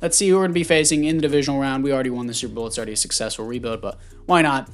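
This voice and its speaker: A man giving casual commentary on a football video game, chatty and thinking out loud, often stumbling over names and correcting himself. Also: medium pitch, steady tone, rapid-fire, soft background music. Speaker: gaming YouTuber.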